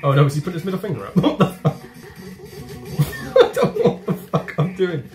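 A man's voice: on the high side, huge pitch swings, brisk, darkish tone, faint music behind. Guy ranting over a game, laughing and cursing, voice jumping all over. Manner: swears constantly, laughs a lot, mocking. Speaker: gaming video host. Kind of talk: gameplay commentary.

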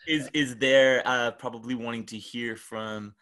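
A man co-hosting a group session over a video call, speaking softly and haltingly with many repeated words. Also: mid-range voice, fairly even intonation. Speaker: co-host and facilitator. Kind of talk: reflective conversation on a video call.

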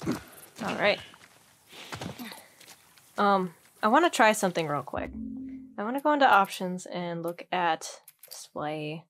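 A woman's voice: on the low side, big pitch swings, slow, long pauses, fairly bright tone, faint music behind. A woman giving casual let's-play commentary, chatty and giggly, thinking aloud as she plays. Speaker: gaming streamer.

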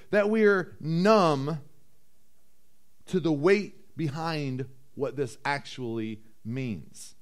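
A high-pitched male pastor preaching in church, lively and animated, acting out little voices and then sinking low and slow to press a point home. His delivery swings between bursts of energy and quiet, weighty moments. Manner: animated storytelling, acts out voices, drops low and slow for emphasis. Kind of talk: sermon.

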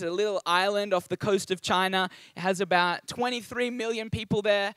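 A man's voice: sits high, clear, resonant tone, dry recording. Upbeat Australian man preaching. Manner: chatty and upbeat, with frequent ums and asides. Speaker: guest preacher. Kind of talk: sermon. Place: church service.

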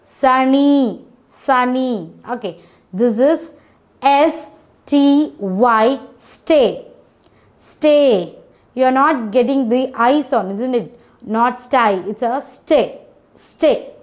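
A woman's voice: sits high, extremely slow. A woman teaching a children's phonics lesson, spelling out letters one by one, repeating each word and checking in with "okay".

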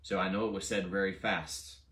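Very deep-voiced man, hesitant, far-off. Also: flat delivery, a little fast, fairly bright tone. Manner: hesitant, many ums and restarts. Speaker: co-host. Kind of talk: casual ministry talk. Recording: echoey room, distant mic.

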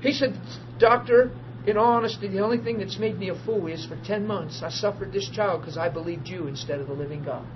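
A man preaching to a small group, telling testimony stories in a lively, informal way and acting out the people in them. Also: sits high, brisk, hardly any pauses. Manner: animated, acts out quoted voices, laughs often. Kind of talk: informal sermon storytelling. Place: small group meeting room. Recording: dull lo-fi archive recording with faint hiss.

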